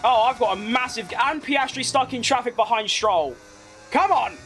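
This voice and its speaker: Excitable high-voiced man racing. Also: normal speed, a little hiss or hum. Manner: excitable, exclaims at close moments. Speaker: gaming streamer. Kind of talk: live racing game commentary.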